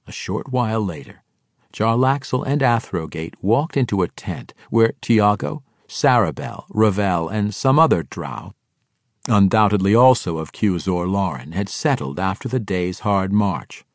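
A man reads a fantasy audiobook in a dramatic, vivid style. His low voice moves through a wide, animated range of pitch. The recording is dry and close, with no room sound. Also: a little slow, no room sound. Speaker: audiobook narrator. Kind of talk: scripted fantasy narration.

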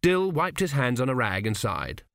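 A man reading a comic novel aloud as an audiobook narrator, in a measured, dry storytelling manner. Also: medium pitch, very animated, gravelly, fairly bright tone, dry recording.

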